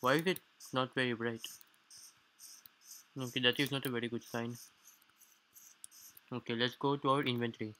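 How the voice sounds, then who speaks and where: A man's voice: mid-range voice, steady tone, normal speed, pauses often, pushed and bright, poor audio. A man with a non-native English accent gives a let's-play commentary on a game, explaining things in formal, slightly stilted phrasing. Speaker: gaming YouTuber. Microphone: low-quality home mic.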